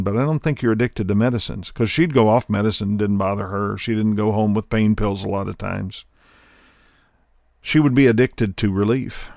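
A middle-aged man hosting a podcast, telling a personal testimony in an earnest storytelling way, with pauses and fillers. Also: on the low side, vocal fry, darkish tone, no echo, studio quality. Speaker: podcast host.

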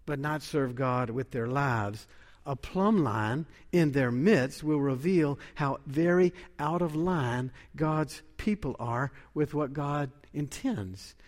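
A man preaching a sermon in a measured, emphatic way, lifting his voice when he quotes scripture. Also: mid-range voice, in a large hall.

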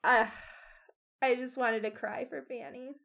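A young woman co-hosting a casual book discussion podcast, animated and full of "like", raising her voice when upset. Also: a little high, unhurried, gravelly. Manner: animated, frequent "like", gets loud when upset.

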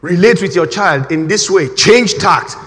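Man, preaching, emphatic, bright forceful voice, long hall reverb. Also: sits high, a little slow. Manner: animated, emphatic, repeats key phrases. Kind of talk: sermon.

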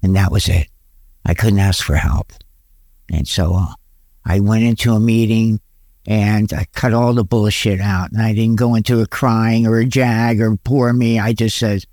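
This middle-aged guest's voice is darkish, fairly even in intonation and at normal speed, captured at studio quality with no echo. Sharing his recovery story candidly, he mocks himself in a folksy way, laughs at himself often and drops into a deeper voice for sayings.

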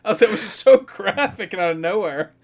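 A man's voice: high-pitched, animated, a little fast. A man co-hosting a podcast in casual chat, laughing often and swearing as he retells scenes. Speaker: podcast co-host.

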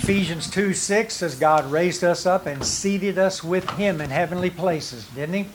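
A middle-aged male pastor preaches with a fairly high voice. He builds fervent, rhythmic declarations, repeating phrases in a steady cadence. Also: normal speed, a little hiss or hum. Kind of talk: sermon.

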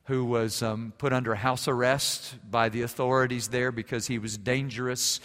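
Preacher guy telling a story in his sermon, gets fired up, crisp bright voice, big echoey church. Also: medium pitch, flat delivery, normal speed. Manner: storytelling, swells to fervent emphasis. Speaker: pastor. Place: church sanctuary. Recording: echoey sanctuary.

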